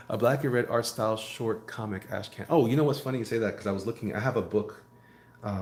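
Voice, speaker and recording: Here a comic artist with a low-leaning voice chats loosely on his drawing stream, reading viewers' comments aloud and joking around in a rambling way. There's room echo and a faint hiss or hum.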